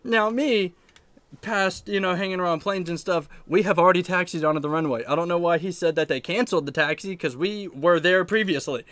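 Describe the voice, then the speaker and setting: A man hosting a live stream from his room, telling a long story in a rambling, animated way and laughing often. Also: sits high, fairly quick. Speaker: arcade channel host.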